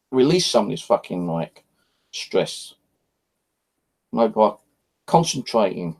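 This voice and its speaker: Frustrated man, gravelly and dark-toned, casual home vlog rant with lots of swearing. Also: medium pitch, rough recording. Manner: rambling, frustrated, swears often. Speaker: vlogger. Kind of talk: casual evening chat to camera. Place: at home, indoors.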